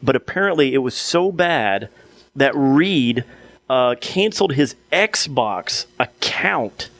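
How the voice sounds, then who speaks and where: A man's voice: medium pitch, expressive, takes it slowly, creaky, fairly bright tone, no echo. A young man co-hosting a podcast, telling a long story in casual chat with many restarts and fillers. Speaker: podcast co-host.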